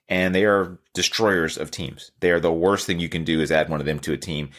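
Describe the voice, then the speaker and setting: A man's voice: deep voice, a bit bright. A man, telling a candid, self-deprecating story in a casual podcast chat. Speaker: podcast host.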